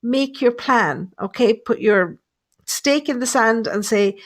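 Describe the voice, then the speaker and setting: A middle-aged woman hosts a live online show, talking in a chatty, friendly way and often repeating her phrases. Her voice sits fairly high for a woman. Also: measured pace. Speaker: host, medium.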